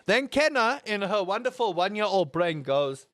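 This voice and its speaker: A man streaming a game, telling rambling, animated stories with sudden loud outbursts. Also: sits high, normal speed, no room sound. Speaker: gaming streamer. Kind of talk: casual stream chat while playing.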